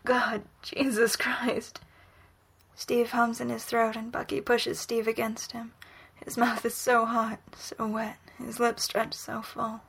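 A woman reading a romantic story aloud in whispered role-play, soft, breathy and unhurried. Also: on the high side, completely flat delivery. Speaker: reader.

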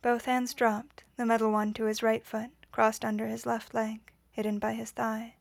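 A woman reading a story aloud in a quiet, measured voice, whispering the dialogue. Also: on the high side, completely flat delivery, gravelly, no echo. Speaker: reader. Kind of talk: audiobook reading of fan fiction.

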